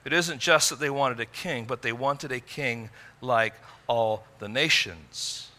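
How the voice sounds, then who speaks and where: Bright-voiced male preacher. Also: medium pitch, unhurried. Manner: earnest preaching, emphatic rises and quiet drops. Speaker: pastor. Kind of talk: sermon.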